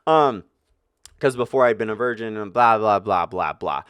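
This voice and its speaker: A man's voice: fairly low pitch, lively intonation, normal speed, fairly bright tone, smooth, dry recording. A young man telling a personal story to his viewers, swearing freely and acting out his own angry outbursts. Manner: profane, ranting, acts out his own outbursts. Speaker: vlogger. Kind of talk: casual storytelling.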